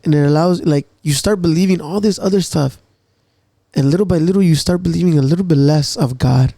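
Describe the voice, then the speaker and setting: A man's voice: a little high, a little fast, creaky, dark tone, dry recording, studio quality. A man co-hosting a podcast, talking casually and emotionally about faith, calling his co-host "bro" and "dude". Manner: emotional, repeats "bro" and "dude", acts out God's words.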